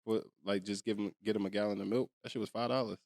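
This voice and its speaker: Male podcast host, low voice, rapid casual delivery, dry close sound. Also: fairly even intonation, darkish tone, dry recording. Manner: fast, joking, keeps steering the question. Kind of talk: casual group podcast chat.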